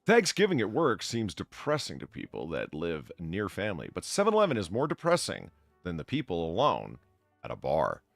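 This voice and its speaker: A man's voice: low voice, wildly swooping pitch, moderate pace, gravelly, no echo, faint music behind. A man hosting a casual live stream, thanking donors and rambling in a self-deprecating way. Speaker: bartender host.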